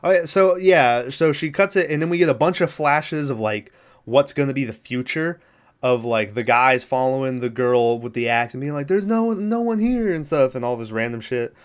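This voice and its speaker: A man at an ordinary pitch talks through a film scene by scene, casual and unpolished. He rambles, circles back on himself and swears freely, like a podcast host chatting with friends. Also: normal speed, smooth. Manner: rambling, filler-heavy, profane, laughs at the film. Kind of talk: casual movie recap.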